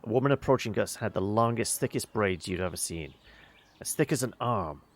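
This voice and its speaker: A man reading a visual novel aloud, halting, with many fillers and self-corrections. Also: on the low side, lively intonation. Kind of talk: reading game text aloud with asides.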